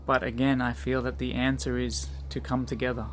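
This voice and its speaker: A man's voice: mid-range voice, flat delivery, fairly quick, fairly bright tone. A man delivers an earnest motivational talk to the group he leads. His voice sits mid-range, and he repeats phrases to drive points home. Faint background noise runs underneath. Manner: earnest, repetitive for emphasis. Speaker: group leader.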